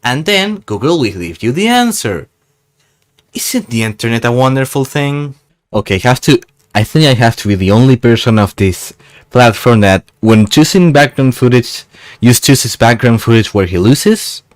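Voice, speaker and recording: A man giving casual, sarcastic voice-over commentary over gameplay, rambling and ending many sentences with a quick "okay?". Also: medium pitch, animated. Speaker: gaming YouTuber.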